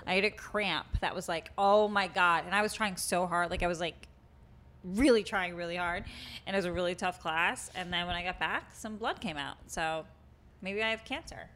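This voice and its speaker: A woman's voice: fairly low pitch, moderate pace, a bit bright. A woman with a Boston accent co-hosting a podcast, loose and joking, swearing often in casual chat. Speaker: podcast co-host.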